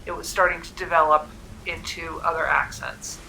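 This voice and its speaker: A woman at a tabletop game calmly explaining a point of history to the group. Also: low voice, normal speed, vocal fry, slight background noise, rough recording. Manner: informative, calm explaining. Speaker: player. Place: library room.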